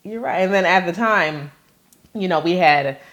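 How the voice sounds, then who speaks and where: A woman from Maryland telling childhood stories to camera as a casual vlogger, lively and acting out the voices of the people she quotes. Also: fairly low pitch, measured pace. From Maryland, USA. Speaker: vlogger and host.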